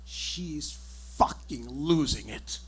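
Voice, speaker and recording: A man telling a comic true story on stage, animated and theatrical. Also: a little high, slow, a little hiss or hum.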